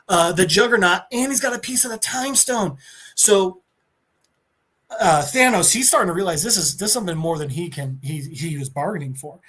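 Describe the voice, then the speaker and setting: A man on a podcast excitedly retelling a comic-book story, restarting his sentences as he goes. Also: high voice. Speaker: podcast co-host.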